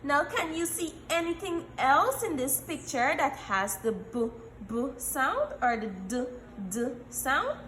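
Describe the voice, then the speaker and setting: A woman teaching young children a phonics lesson, encouraging them and repeating letter sounds slowly. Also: sits high, very animated, fairly bright tone, reverberant, slight background noise. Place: classroom.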